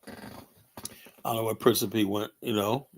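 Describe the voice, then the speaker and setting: A man's voice: fairly low pitch, steady tone, unhurried, slight background noise. A man with a New York accent hosting a heated discussion, talking emphatically and asking rhetorical questions. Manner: emphatic, rhetorical questions, frequent "you know". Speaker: host.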